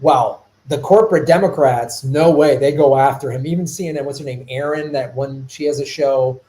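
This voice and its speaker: A man's voice: medium pitch, moderate pace, poor audio. A middle-aged man from Chicago hosting a live stream, talking in a casual, rambling way with many restarts. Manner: animated, rambling, with repeated restarts. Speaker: podcast host.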